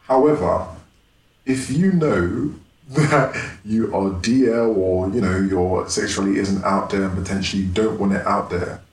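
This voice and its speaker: A man, co-hosting a podcast in casual chat, blunt and quick to laugh. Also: fairly low pitch, a little mellow. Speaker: podcast co-host. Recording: roomy room with faint noise.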